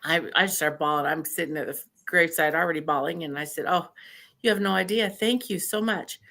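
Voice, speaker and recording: An older woman from Idaho with a bright, forceful voice, telling stories in an easy, chatty way. She acts out what people said to her and laughs often as she goes. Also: sits low, a little fast, vocal fry. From Idaho, USA. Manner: animated storyteller who laughs often and acts out quotes. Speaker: podcast guest. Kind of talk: casual storytelling interview.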